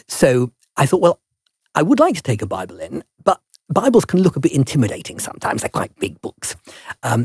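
A man's voice: medium pitch, darkish tone, husky, dry recording, studio quality. An older man, a guest telling stories in a chatty, self-deprecating way in an interview. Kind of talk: relaxed storytelling in an interview.

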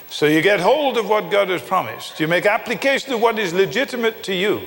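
A man preaching a sermon, telling a story with acted dialogue and emphatic pauses, from England. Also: sits high, animated, vocal fry, a bit bright, big-room sound.

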